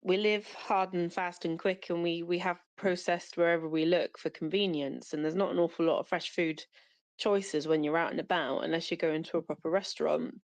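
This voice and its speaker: A woman's voice: fairly low pitch, steady tone, a little fast, no echo. A woman from the UK talking in a casual group chat, rambling on with many fillers and restarts. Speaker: caller in an audio chat room.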